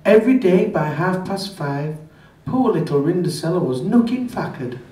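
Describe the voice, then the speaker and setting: A male comedian in a pub telling a bawdy fairy tale full of spoonerisms in a deadpan comic way. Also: high-pitched, normal speed. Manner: deadpan comic narration with self-corrections. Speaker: stand-up comedian. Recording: echoey pub from far off.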